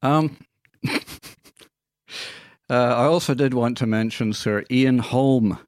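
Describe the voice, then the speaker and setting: A male radio co-host reading out film news in casual chat, halting with many fillers and stumbling over foreign names. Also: mid-range voice, darkish tone. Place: radio studio.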